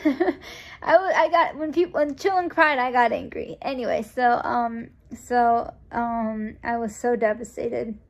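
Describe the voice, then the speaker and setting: A woman's voice: a little high, gravelly. A young woman raised in the United States, telling a personal story in a casual, rambling way, full of restarts and fillers, and acting out the lines of the people in it. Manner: acts out quoted dialogue in a lively voice. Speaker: vlogger.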